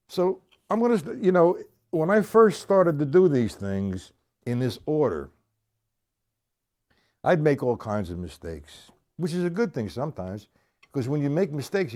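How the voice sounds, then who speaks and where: Chatty drum teacher with a lively voice. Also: male voice, mid-range voice. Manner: chatty, explains step by step, counts beats aloud. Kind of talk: live-streamed drum lesson.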